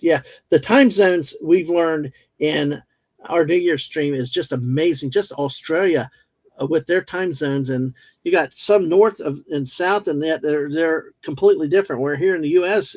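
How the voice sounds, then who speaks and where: A jokey man co-hosts a livestream from home, rambling and reading the chat aloud. His voice sits a little high for a man, and the recording is dry and close with no room sound.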